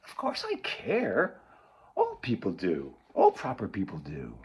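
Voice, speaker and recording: A man's voice: low-pitched, huge pitch swings, a little slow, slightly rough, voice pushed down, exaggerated voice. A man reading aloud as a proud, cold older mother who speaks in a stiff, haughty way.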